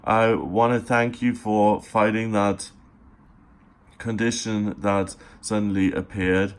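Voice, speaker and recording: A man giving a daily tarot reading, speaking straight to the listener in an earnest, encouraging way, unhurried, with pauses and fillers. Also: fairly low pitch, level tone, clean tone. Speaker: tarot reader.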